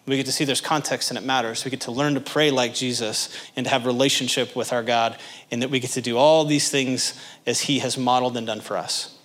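A man's voice: medium pitch, fairly quick. A pastor preaching to his congregation, asking them direct questions and acting out little scenes in voices. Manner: animated, acts out little scenes in character voices. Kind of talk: sermon.

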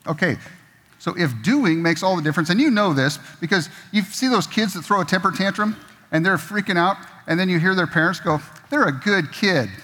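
A middle-aged man preaching in a church, relaxed and jokey, now and then slipping into other people's voices. His voice sits a bit high for a man, and a long reverb trails his words through the hall. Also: a little fast. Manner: conversational, jokey, acts out quoted voices. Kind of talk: sermon. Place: church sanctuary.

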